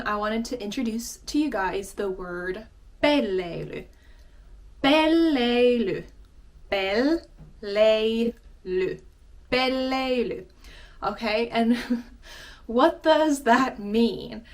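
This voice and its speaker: A woman's voice: on the high side, expressive, takes it slowly. A young woman giving a casual vocabulary lesson, chatty and giggly, laughing often between explanations. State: out of breath. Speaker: language teacher.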